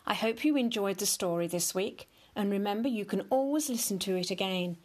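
Here a mid-range female voice unhurriedly reads a children's tale, addressing her young listeners directly in a soft, gentle manner.

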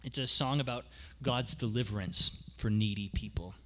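A man delivers a sermon from the pulpit in an easygoing, explanatory way. His voice is bright and forceful at a middling pitch. He leans on repetition to drive points home. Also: moderate pace. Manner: conversational, explains with asides and repeats for emphasis. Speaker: pastor.

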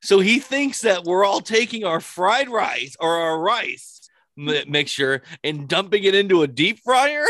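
Man, casual chat, expressive pitch, close dry recording, laughs and swears a lot. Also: unhurried, no room sound. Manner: animated storytelling with frequent laughter and swearing.

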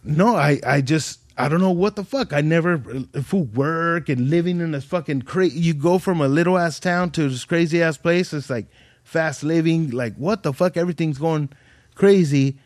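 A man's voice: a little high, moderate pace, a little mellow, no echo, clean studio sound. A young adult man, a podcast guest, telling stories in rambling, profane, slangy casual talk. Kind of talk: casual storytelling.

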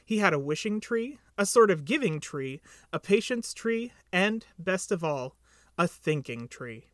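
A man reads a children's story aloud with a lively, lilting delivery and plenty of rise and fall in pitch. The sound is close and dry, with no room echo. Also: measured pace. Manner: expressive, lilting. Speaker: reader. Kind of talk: storybook narration.

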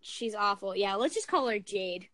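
A young woman in casual chat among friends, rambling in an animated way with many fillers. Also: medium pitch, moderate pace, dry recording, poor audio.

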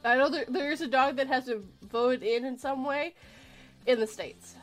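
A woman chatting casually on a stream, quick and teasing. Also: sits high, soft background music. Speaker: guest on a chat stream. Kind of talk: casual group chat.

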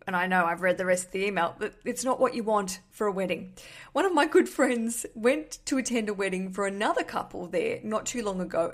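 A woman hosting a podcast, reading out listener messages and adding playful asides in a chatty tone. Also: mid-range voice. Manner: animated, adds playful asides and jokes between read-out messages. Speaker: podcast host.

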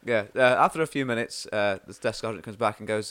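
A man running a tabletop game as game master, narrating scenes with halting restarts and frequent laughter. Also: fairly low pitch, fairly bright tone, clean tone, no echo.

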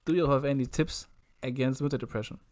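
Halting young man in casual chat. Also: mid-range voice, a crowd in the background. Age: young adult. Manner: relaxed, halting with repeated words and "uh", dry jokes. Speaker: podcast co-host.

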